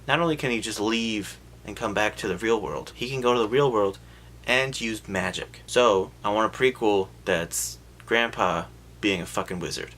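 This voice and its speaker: A man giving a sarcastic, profane comedic recap of a film, jumping into quick voices for the characters. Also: fairly low pitch, bright, forceful tone.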